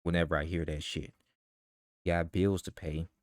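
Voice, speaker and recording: A man's voice: deep voice, flat delivery, normal speed, no echo, clean studio sound. A man in a vlog ranting heatedly with profanity and rhetorical questions. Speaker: vlogger. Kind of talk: ranting commentary.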